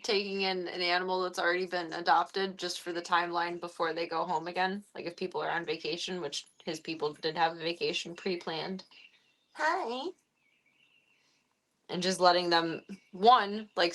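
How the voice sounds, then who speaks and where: A woman's voice: fairly low pitch, fairly bright tone. A woman live-streaming, talking casually to her viewers and cooing baby-talk at a foster cat. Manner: coos and baby-talks to the cat between chatty asides.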